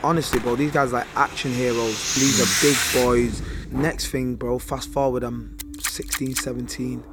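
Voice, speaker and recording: A man, telling his life story as an interview guest. His pitch stays flat and level while his words stay streetwise and vivid, punctuated with mimicked gunshots and engine noises. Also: normal speed, very noisy. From Manchester, England.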